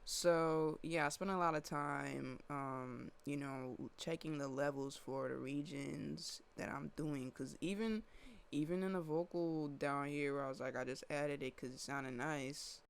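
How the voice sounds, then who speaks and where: Male musician, casual walkthrough, fillers everywhere, clear lightish voice. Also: on the high side, steady tone, measured pace. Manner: loose and slangy, rambling with many fillers. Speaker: musician breaking down his own song.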